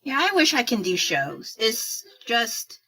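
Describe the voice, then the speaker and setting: Woman, 30s, bright voice, casual rambling livestream chat, self-deprecating asides. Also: a little high, big pitch swings, takes it slowly, breathy edge, poor audio. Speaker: artist livestreaming while painting. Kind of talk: casual chat with viewers while painting.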